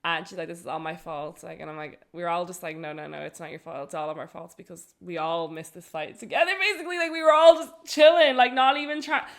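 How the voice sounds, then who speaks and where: A woman telling a travel story on a podcast, animated and full of laughter. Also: on the low side, quick pace, hardly any pauses. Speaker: podcast co-host. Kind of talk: casual storytelling chat.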